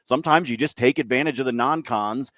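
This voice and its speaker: A man co-hosting a sports betting podcast, talking through his picks in a relaxed, chatty way with casual swearing. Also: medium pitch, a little fast, no echo, studio quality. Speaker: podcast co-host.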